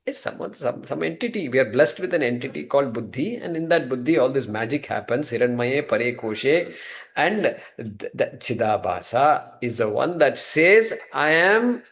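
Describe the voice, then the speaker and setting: A man teaching a scripture class, asking himself questions and answering them. He swings from emphatic high points to quiet low asides. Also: lively intonation, moderate pace, creaky. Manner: rhetorical questions, answering himself, repeated restarts. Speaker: Vedanta teacher.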